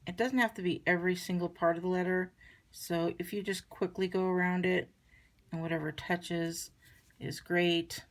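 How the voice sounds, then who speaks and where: A woman giving a chatty, relaxed card-making tutorial, talking her viewers through each step as she works. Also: lowish voice, normal speed. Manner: chatty, relaxed, talks while working. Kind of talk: crafting tutorial demonstration.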